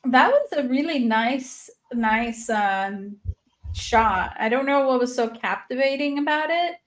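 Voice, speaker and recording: A woman with a fairly high voice co-hosts a casual interview over a video call. She talks slowly, often pausing with "um" while she searches for the right words. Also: expressive. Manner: hesitant, searching for words with many fillers. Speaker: co-host.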